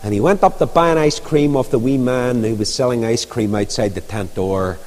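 A man preaching a sermon, telling stories with lively emphasis. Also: mid-range voice, normal speed. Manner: storytelling, animated, rising and falling emphasis. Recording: long reverb of a large hall.

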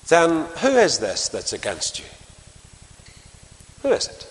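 An older man preaching a sermon, telling stories with quoted dialogue and shifting his emphasis up and down. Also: medium pitch. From Northern Ireland. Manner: storytelling with quoted dialogue, rising and falling emphasis. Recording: long reverb of a large hall.

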